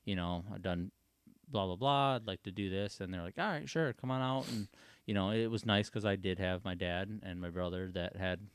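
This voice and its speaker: A man's voice: sits low, normal speed, clean tone, no room sound. A young man, a motocross race official, chatting as a podcast guest and acting out the voices of people in his stories. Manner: animated storyteller acting out quoted voices. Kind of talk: casual storytelling conversation.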